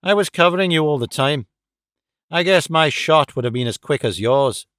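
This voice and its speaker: A cocky young counterfeiter with nerve to spare, speaking brash and raised in pitch, as a male narrator puts him on. The sound is close and dry. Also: lively intonation, normal speed, a bit bright, no room sound.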